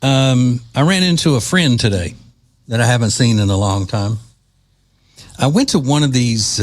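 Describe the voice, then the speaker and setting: A man's voice: medium pitch, expressive, normal speed. Male talk radio host. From Louisiana. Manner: joking, wry, sarcastic asides. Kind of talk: casual talk radio monologue.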